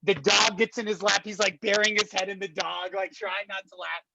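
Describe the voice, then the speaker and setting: A man in his twenties, a podcast guest, telling a story casually in a slangy, animated way and swearing freely. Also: sits high, a little fast, creaky, over a noisy crowd, rough recording.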